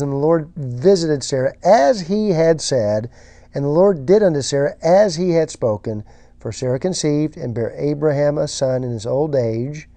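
A man's voice: a little high, mellow. A man preaching a sermon, reading scripture aloud and stressing points with emphasis. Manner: emphatic, reads scripture aloud, repeats words when restarting.

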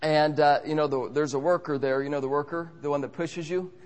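A man telling a humorous, self-mocking story as a preacher, in an animated way. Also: on the high side, a little fast. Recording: echoey hall.

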